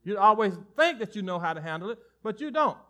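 High, bright-voiced preacher. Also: male voice, fast. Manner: animated preaching with sudden drops to soft asides; folksy, joking with the congregation. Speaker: pastor. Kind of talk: sermon.

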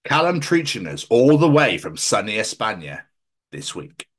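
A man's voice: on the low side, sing-song, measured pace. A man co-hosting a podcast, joking in a rambling, sweary, silly way. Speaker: podcast co-host. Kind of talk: casual comedic chat.

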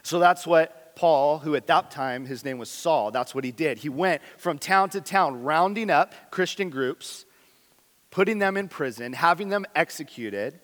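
A man preaching a sermon with a slightly high voice, earnest and candid. He rises to loud emphasis, then drops to quiet intensity. His voice rings with the long reverb of a large church hall. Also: expressive, measured pace. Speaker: pastor.

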